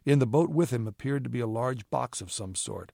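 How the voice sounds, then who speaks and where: Man narrating a story, steady. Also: mid-range voice, brisk, gravelly, no echo, studio quality. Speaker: audiobook reader. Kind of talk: scripted narration.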